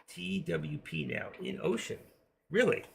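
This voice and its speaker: Older man, New York accent, raspy gravelly voice, chatty live-stream host. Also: on the high side, wildly swooping pitch, measured pace. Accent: New York, with a trace of Florida. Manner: chatty, jokey, talks to viewers while trading. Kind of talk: casual live-stream commentary. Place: home.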